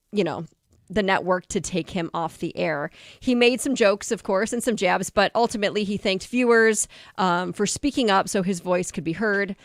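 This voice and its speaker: A woman's voice: medium pitch, no echo. Female radio news reader, chatty and loose, dry studio mic. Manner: conversational, loose reading with fillers. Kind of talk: casual radio news update. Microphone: studio microphone.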